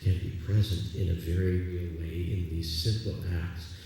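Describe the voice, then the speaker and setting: A man's voice: low voice, fairly even intonation, moderate pace, mellow. A man preaching a sermon as a pastor, telling a personal story in a conversational, confessional way and inviting people to communion. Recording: echoey hall, distant mic, faint room noise.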